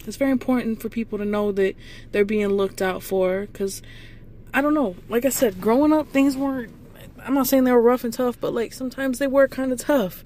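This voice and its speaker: A woman talks on her own podcast in a loose, rambling way, turning goofy and playful as she hypes up her listeners. Her voice has a mellow, relaxed tone. She showers the audience with encouragement. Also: fairly high pitch, brisk, slight background noise. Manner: affectionate, encouraging. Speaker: podcast host. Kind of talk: casual motivational monologue.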